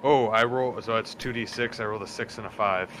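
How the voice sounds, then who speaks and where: Laid-back low-voiced man player. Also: brisk, fairly bright tone, slight background noise. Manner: laid-back, loose phrasing full of "like". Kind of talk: casual tabletop game play.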